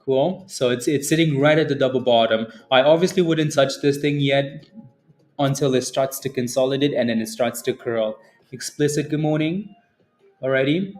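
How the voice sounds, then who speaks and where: A man talks through market charts on a live trading stream in a loose, casual way. He rambles, repeats words and keeps checking in with "right?". Faint music plays softly underneath him. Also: medium pitch, moderate pace. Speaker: stock trading livestream host.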